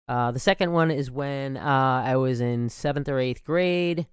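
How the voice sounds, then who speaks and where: Smooth-voiced man rambling in a monologue. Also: mid-range voice, no echo, clean studio sound. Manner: rambling, frequent restarts and self-corrections. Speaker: podcast host. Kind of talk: casual monologue.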